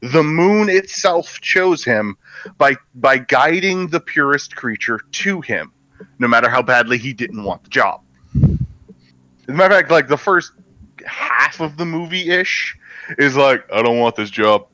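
A man's voice: a little high, lively intonation, unhurried, sharp tone, no room sound, low-quality recording. A man co-hosting a casual movie podcast, enthusiastically retelling a film's story with rambling restarts. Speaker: podcast co-host.

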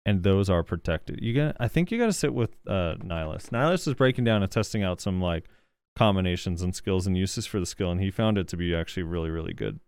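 A man's voice: deep voice, very animated, quick pace, a little mellow, smooth, no room sound. A man co-hosting a gaming podcast, reading out viewer comments and reacting in a loose, hesitant way with lots of fillers. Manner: casual, hesitant, many fillers. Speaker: podcast co-host.

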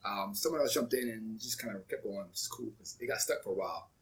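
A man's voice: on the low side, quick pace. A man co-hosting a podcast in casual chat, rambling and often restarting his thoughts. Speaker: podcast co-host.

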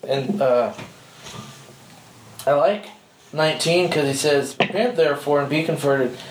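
A man's voice: a little high, unhurried. A man preaches in an easygoing, conversational way, moving from stories into scripture and laughing as he goes. His voice carries in a reverberant room, with faint ambient noise underneath. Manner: conversational storytelling, laughs often. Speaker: speaker teaching a church group. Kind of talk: informal sermon. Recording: roomy hall with faint ambience.

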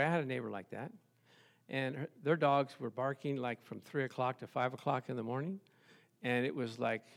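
A middle-aged man, a pastor, preaching a sermon full of playful stories and acted-out voices. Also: a little high.

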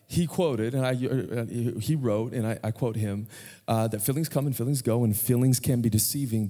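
Storytelling pastor in a reverberant church. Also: male voice, mid-range voice, dark tone. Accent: American. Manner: conversational, storytelling preacher who asks the crowd questions. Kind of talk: sermon. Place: church sanctuary. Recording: long church hall reverb.

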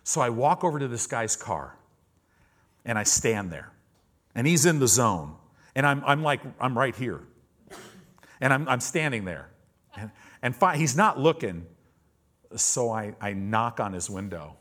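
A man in his fifties preaching, telling a testimony story in an animated way. He repeats words often and acts out the people in his story. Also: medium pitch, a little slow, long pauses. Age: 50s.

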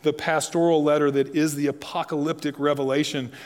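A man preaching a sermon as pastor, swinging from loud emphatic lines to soft, hushed appeals and asking the listeners direct questions. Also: fairly high pitch, little pitch movement, a little fast. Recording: long reverb of a large hall.

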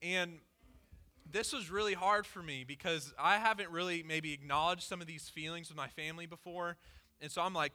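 A pastor giving a conversational sermon, candidly telling a personal story with lots of "like" fillers. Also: male voice, a little high, normal speed, pushed and bright. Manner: casual and candid, peppered with "like".

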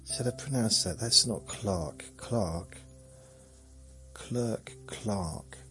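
Man, podcast host, low voice, unhurried, meandering, dry humor, sleep podcast. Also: sharp tone, soft background music. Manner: meandering, dry and self-mocking. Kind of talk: rambling sleep podcast monologue.

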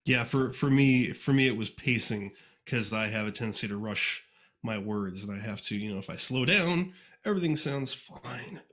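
A man's voice: medium pitch, a bit bright. A man from Northeast Ohio, a guest on a podcast, chatting casually and informally with lots of fillers and restarts, recorded on a USB condenser microphone. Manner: fast-talking, informal, frequent fillers and restarts. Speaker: podcast guest, fan audiobook reader. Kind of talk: casual interview chat.

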